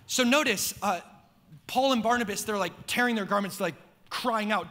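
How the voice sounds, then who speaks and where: A man preaching a sermon to a church congregation in a casual, slangy way, with big swings in pitch and loudness. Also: normal speed, slight background noise. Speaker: pastor. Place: church sanctuary before a congregation.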